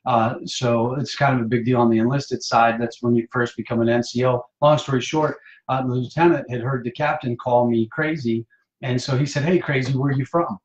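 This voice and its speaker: A man from Michigan, a pastor and Marine veteran, tells a personal testimony on a live stream in a casual, halting way full of fillers and restarts. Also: mid-range voice, fairly even intonation. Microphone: phone or webcam for a live stream. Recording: dull, roomy live-stream audio.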